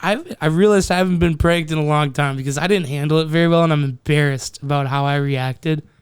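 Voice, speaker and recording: A young man telling a story on a podcast, swearing a lot and talking in an animated way. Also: fairly high pitch, brisk, clear, resonant tone, dry recording. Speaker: podcast co-host. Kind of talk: casual chat.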